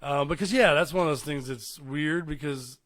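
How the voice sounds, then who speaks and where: A man's voice: a little high, moderate pace, fairly bright tone. A man from East Texas, hosting a podcast in casual, rambling interview chat. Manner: rambling, chuckles often. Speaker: podcast host.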